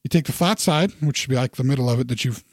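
A man's voice: medium pitch, fast talker, slightly rough, dry recording. Chatty man with a close dry sound. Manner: rambling, enthusiastic about food, self-deprecating. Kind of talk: casual chat.

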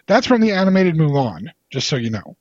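A man's voice: fairly high pitch, very animated, fairly quick, darkish tone, no room sound. A man chatting casually about movies, enthusiastic and rambling, with playful teasing. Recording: slightly dull lo-fi sound.

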